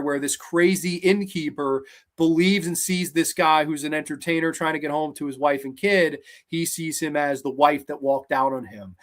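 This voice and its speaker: A man hosting a horror movie show, retelling a film's plot in an energetic, animated way with fillers. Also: on the high side. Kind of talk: casual movie review.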